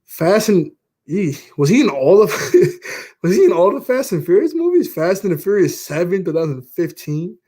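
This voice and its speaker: Young man rambling casually, slightly high voice. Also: big pitch swings, moderate pace, mellow. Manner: meandering, laughs often, many fillers. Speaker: YouTuber.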